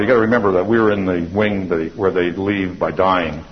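Middle-aged guy telling his church testimony, earnest, trips and repeats words, kinda low voice, muffled old recording. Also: steady tone, fast talker, few pauses. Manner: earnest storyteller with frequent restarts and repeats. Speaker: church speaker giving testimony. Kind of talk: testimony sermon storytelling. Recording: dull lo-fi recording.

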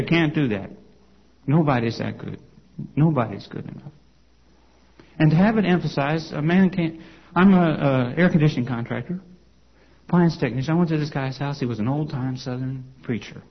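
A man's voice: a little high, moderate pace, pauses often, slightly rough, muffled recording. A man, a former congregation elder, telling his personal testimony to an audience in a conversational storytelling way, full of "you know" and "okay?" asides.

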